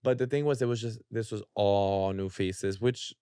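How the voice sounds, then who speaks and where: A man's voice: on the low side, steady tone, moderate pace, warm tone, clear, resonant tone, no echo, studio quality. A young man, co-hosting a podcast with sassy, slangy banter. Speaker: podcast co-host. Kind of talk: casual chat.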